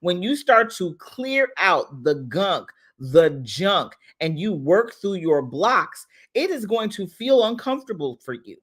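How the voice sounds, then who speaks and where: Woman w/ doing a casual motivational live, pitch all over the place. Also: takes it slowly, hardly any pauses, husky. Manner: lively, talks straight to viewers, acts out her own body parts in voices. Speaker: life coach hosting an Instagram live.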